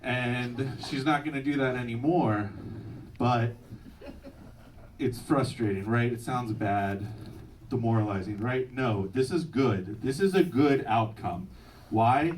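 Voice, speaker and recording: Young male stand-up comedian, energetic and punchy, mid-pitch, caught from afar in a noisy live venue. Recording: distant mic, noisy live room.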